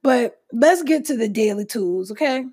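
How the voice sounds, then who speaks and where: A podcast host delivers a casual self-help monologue in a fairly high, lively voice at normal speed. She's blunt, emphatic, and swears a lot, and she sounds noticeably out of breath.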